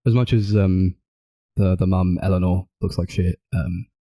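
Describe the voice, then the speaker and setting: A man's voice: low voice, steady tone, moderate pace, dark tone, no room sound, low-quality recording. A man co-hosting a podcast, chatting casually about films in a rambling, hedging way. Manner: rambling, hedging, full of "like" and "I suppose". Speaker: podcast co-host. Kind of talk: casual film discussion.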